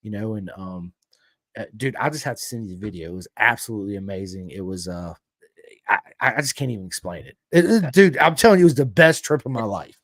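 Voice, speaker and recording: Excitable country-accented American man. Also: lowish voice, fast talker, no echo, studio quality. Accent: American Southern country. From United States. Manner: excitable storyteller, swears freely, big swings in energy. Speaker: podcast host. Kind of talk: casual chat.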